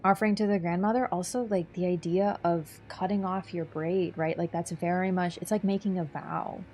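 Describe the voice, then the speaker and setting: A woman's voice: on the low side, steady tone, normal speed, darkish tone, soft background music. A young woman streaming a video game, chatty and casual, swearing and laughing as she talks. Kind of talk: gaming stream commentary.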